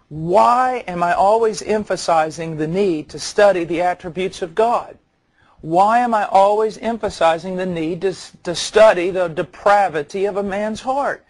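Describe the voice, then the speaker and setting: A man preaching a sermon, telling stories conversationally and building to earnest intensity, often repeating words as he starts a phrase. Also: sits high.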